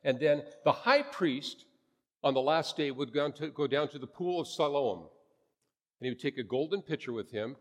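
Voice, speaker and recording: A man's voice: mid-range voice, long reverb tail. A man preaching a sermon as a pastor, earnest and emphatic, repeating his phrases for weight.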